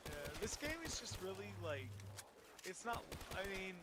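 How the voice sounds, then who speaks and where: A man chatting casually while playing a game, in a slow, drawling, teasing way. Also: high voice, very animated, bright, forceful tone. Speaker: gamer. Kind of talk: casual chat while gaming.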